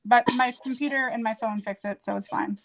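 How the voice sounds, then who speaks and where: Woman, kinda high voice, laid back chatting, trails off a lot. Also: fairly quick. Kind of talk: casual chat.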